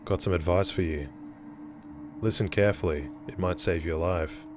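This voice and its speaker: A man voicing a gruff man in a horror game who gives grave, clipped warnings. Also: deep voice, moderate pace, over music, close to an everyday voice.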